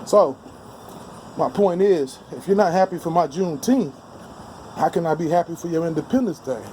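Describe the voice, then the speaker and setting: A man's voice: on the high side, expressive, moderate pace, dark tone, slight background noise. A man giving a blunt, heated, profane rant to camera outdoors, heavy with street slang. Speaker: vlogger. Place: outdoors on steps.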